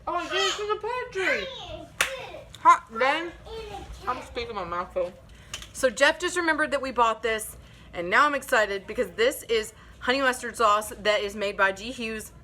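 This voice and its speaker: A woman's voice: a little high, sharp tone, a little hiss or hum. A woman chatting casually to her viewers in a home kitchen cooking vlog, upbeat and talking to them directly. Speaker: vlogger.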